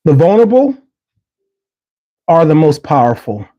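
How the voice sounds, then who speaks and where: A middle-aged man speaking in a fairly high voice, hosting a livestream. He delivers an earnest, faith-based motivational talk and leans hard on repeated phrases for emphasis. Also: big pitch swings, unhurried, muffled recording. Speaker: livestream host.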